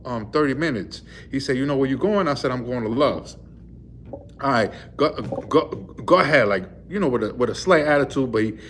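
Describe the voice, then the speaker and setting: Speaking at a medium pitch from inside a vehicle, a male trucker loosely recounts his encounter with police for a laid-back vlog, wandering off track and leaning on filler words. A faint hiss or hum sits under the audio.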